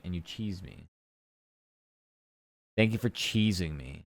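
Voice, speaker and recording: A man's voice: deep voice, expressive, slow pace, no room sound, studio quality. A young man chatting casually on a live stream while he works, often muttering to himself.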